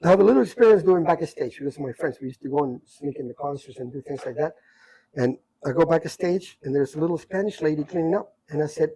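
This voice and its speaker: A middle-aged man telling stories from his life in a casual chat, animated and repeating himself as he acts out what people said. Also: a little high, fast, slightly rough, rough recording. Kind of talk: casual storytelling.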